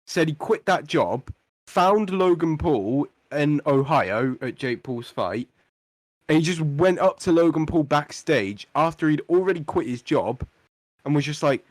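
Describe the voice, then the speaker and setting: A man's voice: fairly high pitch, expressive, unhurried, no echo. A young man co-hosting a podcast, telling the story with energy, swearing and mimicking the people in it. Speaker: podcast co-host. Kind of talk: casual chat.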